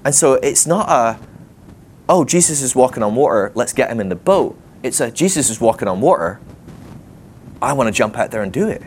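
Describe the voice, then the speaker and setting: A man giving a sermon in a loose, conversational way, animated and thinking aloud with fillers and quick laughs. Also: mid-range voice, a little hiss or hum. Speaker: preacher. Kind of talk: sermon teaching.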